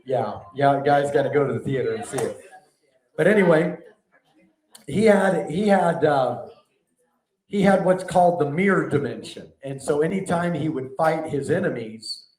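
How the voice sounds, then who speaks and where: A man preaching a sermon to a live audience, animated and conversational, often asking the room questions. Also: fairly high pitch, normal speed. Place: large hall before a live audience. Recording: echoey hall, mic at a distance.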